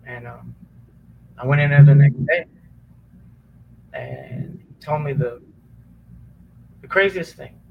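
A man tells a deeply personal story in a halting, earnest way, full of restarts and pauses. He sounds choked up, close to tears, at an ordinary middle pitch. A faint hiss of noise sits under the voice. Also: huge pitch swings, dull audio. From Chicago area. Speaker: podcast guest, former police officer. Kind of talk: emotional personal testimony.

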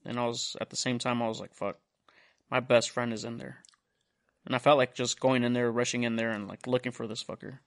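A man's voice: medium pitch, a little fast. Young guy on a podcast telling a crazy story, cussing, doing everyone's lines. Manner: profane, animated storytelling with quoted voices. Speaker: podcast host. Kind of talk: casual storytelling chat.

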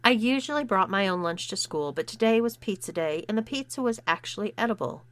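A woman's voice: medium pitch, lively intonation, brisk, a bit bright. A woman narrating a first-person story and voicing its dialogue herself. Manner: acts out dialogue with shifting voices.

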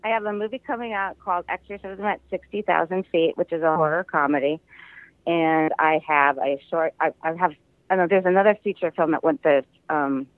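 A man's voice: fairly high pitch, dry recording. Older man talking over a tinny phone line. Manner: chatty storyteller, laughs often. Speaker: guest actor. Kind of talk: casual interview over the phone.

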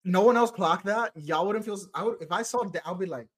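A man's voice: high-pitched, brisk, slightly rough. A man co-hosting a podcast, chatting casually with loose filler words. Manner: relaxed, lots of "like" fillers. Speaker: podcast co-host. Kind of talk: casual recap chat.

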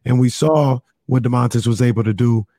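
Easygoing, mellow sports talk man. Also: medium pitch, fairly quick, no echo, clean studio sound. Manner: easygoing, laughs often, analytical. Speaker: sports radio co-host.

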